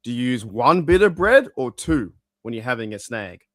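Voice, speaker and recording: An Australian man with an Australian accent and a mid-range voice appears as a podcast guest, telling stories at a moderate pace in casual chat full of swearing. His storytelling is lively and anecdotal, and the recording is dry with clean studio sound.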